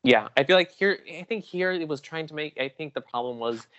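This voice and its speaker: A man who is a podcast guest in casual chat, excitable and rambling with frequent restarts. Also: a little high, a little fast, muffled recording.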